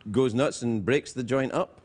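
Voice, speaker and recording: A man's voice: medium pitch, normal speed, a little mellow, breathy edge. A man with a Scottish accent hosting a late-night talk show in a TV studio, teasing and playful with his guest. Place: television studio with audience.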